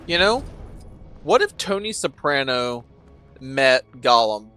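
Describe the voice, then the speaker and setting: A man's voice: medium pitch, sing-song, takes it slowly, sharp tone, clean tone, faint music behind. A man casually commenting on gameplay, rambling and joking at his own expense. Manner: rambling, joking, self-deprecating. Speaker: let's play streamer.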